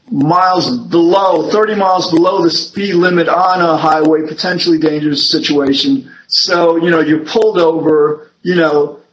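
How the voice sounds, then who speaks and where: A man hosting a discussion, explaining ideas slowly with many fillers and restarts. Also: fairly high pitch, fairly bright tone. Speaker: host. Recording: dull lo-fi with faint noise.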